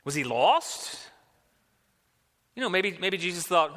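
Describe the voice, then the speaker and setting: A male preacher delivers a sermon with a bright, forceful, slightly high voice. He asks rhetorical questions and often doubles back on his words. The sound carries a long reverb from a large hall. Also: sing-song, slow.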